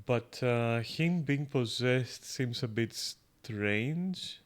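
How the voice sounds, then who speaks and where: A man with a mid-range voice streams a game, thinking out loud in loose, rambling commentary peppered with fillers and casual swearing. He draws out his words.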